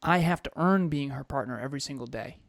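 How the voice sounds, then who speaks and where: A man co-hosting a podcast as a coach, speaking in a measured, deliberate way about personal growth. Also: mid-range voice, no room sound, clean studio sound. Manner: playful, laughing easily, then measured and deliberate when explaining. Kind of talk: casual podcast chat.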